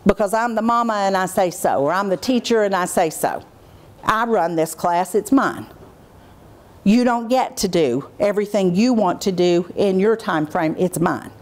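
An energetic middle-aged woman gives a lecture at a workshop for teachers. Her voice dips and turns measured whenever she performs the lines she uses with kids.

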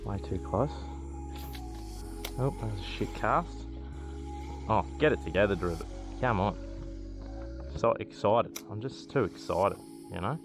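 An Australian man giving casual, excitable running commentary while fishing outdoors, swearing freely and talking to the fish. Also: on the low side, a little slow, long pauses, over music. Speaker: fishing vlogger.

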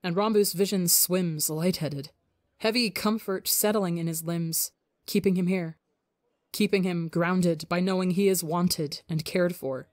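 A woman reading a fan fiction story aloud as the narrator, in a calm, steady voice. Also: on the low side, a little slow, dry recording, clean studio sound. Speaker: audiobook narrator.

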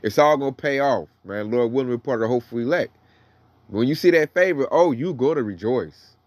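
A man's voice: mid-range voice, fairly quick, no echo. Man preaching in loose street slang. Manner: loose slangy preaching, reads verses aloud. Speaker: Bible teacher. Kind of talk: casual sermon with scripture reading.

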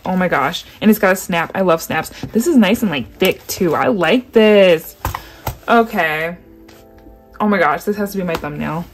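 A young woman vlogger chatting excitedly through an unboxing. She gasps often and keeps saying how much she loves each item. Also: mid-range voice. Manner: gushing, gasping, repeats "oh my gosh".

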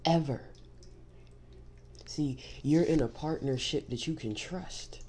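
A woman's voice: sits low, slow pace, mellow, a little hiss or hum. Woman giving an emphatic tarot reading. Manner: emphatic, repeats "see" to drive points home; reassuring, direct address to the listener. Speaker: tarot reader.

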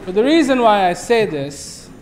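A man in his fifties giving a speech to an audience, telling a fable in a relaxed storyteller's manner. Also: sits high, normal speed. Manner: relaxed storyteller, acts out animals. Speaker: invited speaker.

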